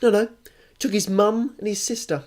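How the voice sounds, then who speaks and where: A man's voice: high-pitched, normal speed, a little mellow. A man co-hosting a casual sports podcast, chatty and opinionated, swearing now and then. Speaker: podcast co-host.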